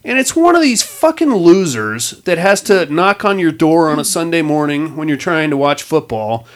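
Brief: a foul-mouthed, rambling host recapping a film, voice a touch high. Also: male voice, very animated, normal speed. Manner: profane, rambling, wisecracking. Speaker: podcast host. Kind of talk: casual movie recap.

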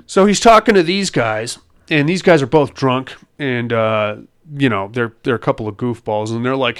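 A man's voice: mid-range voice, normal speed, smooth. A man hosting a podcast, casually recapping a film in a rambling, crude and joking way. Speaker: podcast host.

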